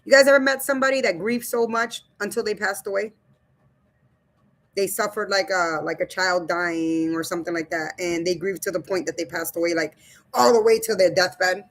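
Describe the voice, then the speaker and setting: Speaking at normal speed in a fairly low voice with rather even intonation, a woman hosts a casual stream, reading out viewer comments. She addresses her chat directly in a blunt, loose way, mixing in swearing and laughter.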